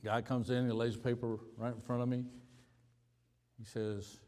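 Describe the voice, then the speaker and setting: A male pastor telling a story in a sermon, acting out both sides of a conversation with sudden leaps in pitch. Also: moderate pace, long pauses. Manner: animated storyteller, acting out dialogue with big pitch jumps. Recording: hall reverb.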